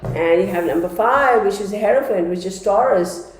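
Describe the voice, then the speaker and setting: A congested woman giving a casual tarot reading, chatty and dramatic. Her voice is mellow and dark. It rings out in a very echoey room. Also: mid-range voice, moderate pace, slight background noise. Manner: chatty and dramatic, addresses viewers as y'all. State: congested from a cold. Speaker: tarot reader.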